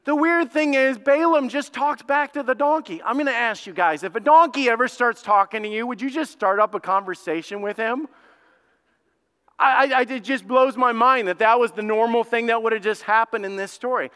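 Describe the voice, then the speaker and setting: Pastor guy preaching, chatty and fired up, high clear voice, big echoey church. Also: moderate pace. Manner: animated, conversational preaching with asides to the congregation. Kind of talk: sermon. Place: church sanctuary. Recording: long reverb of a church hall.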